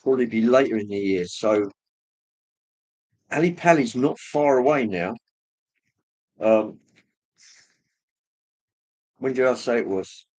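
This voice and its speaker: A man hosting a livestream, casually rambling as he reads viewer comments, with many pauses and fillers. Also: mid-range voice, expressive, a little mellow. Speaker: livestream host reading chat. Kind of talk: casual chat.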